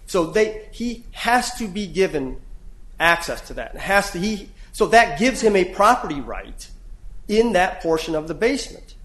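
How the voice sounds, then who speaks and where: Brief: male lawyer, slightly high voice, earnest, restarts phrases, echoey courtroom. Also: big pitch swings, moderate pace, fairly bright tone. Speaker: appellate lawyer. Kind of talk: courtroom oral argument.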